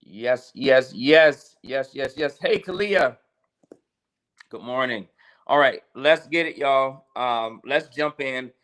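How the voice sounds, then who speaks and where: A man's voice: medium pitch, slow pace, a bit bright. A man, a pastor, giving a casual livestream devotional. He greets viewers by name between points and repeats key lines for emphasis.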